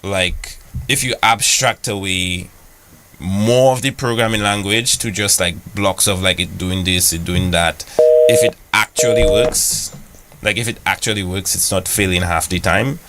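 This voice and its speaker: A young man with a low voice that still rings bright and forceful, talking loosely and filling his sentences with "like" as he explains. A faint hiss of background noise sits under him. He speaks as a guest in a radio interview. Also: steady tone, measured pace, low-quality recording. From Dominica. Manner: casual, filler-heavy explaining with many "like"s. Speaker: guest software engineer.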